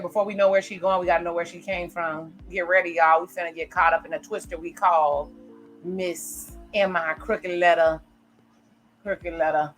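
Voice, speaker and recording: A woman giving chatty, casual reaction commentary on a TV episode as she watches it. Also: lowish voice. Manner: chatty, reacts aloud while narrating scenes. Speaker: reaction video host.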